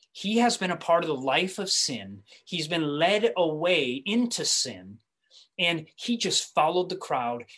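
A man preaching a sermon in a conversational way, often restarting and repeating words, telling stories with animation. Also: a little high. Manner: animated storytelling, speeding up and slowing for emphasis.

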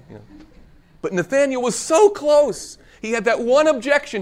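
A man's voice: high voice, a little fast. A man preaching a conversational sermon, acting out scripture dialogue with playful humor. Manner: conversational, animated, acts out biblical dialogue with humor.

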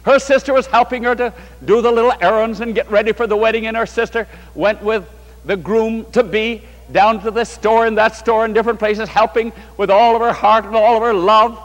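A man's voice: high-pitched, fairly even intonation, a little fast, in a large hall, lo-fi sound. A man preaching a sermon to a large congregation, from New York State, in a fervent, rising and falling delivery. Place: large hall before a congregation.

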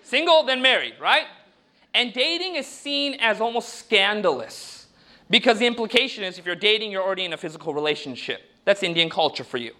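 Male preacher, strikingly high and bright, lively storyteller who acts out the quotes. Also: a little fast. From United States. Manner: animated storytelling, acting out quoted speech. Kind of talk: sermon.

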